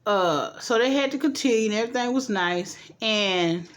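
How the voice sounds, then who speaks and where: A woman's voice: medium pitch, lively intonation. A woman recapping a TV episode in casual chat, sassy and playful, tossing in asides and acting out the characters' lines. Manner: chatty and sassy, quick asides like "child" and "boo"; acts out the characters' lines in quick changes of voice. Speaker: TV recap host.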